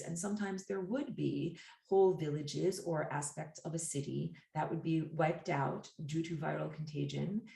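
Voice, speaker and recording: A woman's voice: sits low, creaky, a little mellow. A woman giving a live spiritual lecture, talking in a discursive, rambling way with asides. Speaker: spiritual teacher. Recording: echoey room, distant mic.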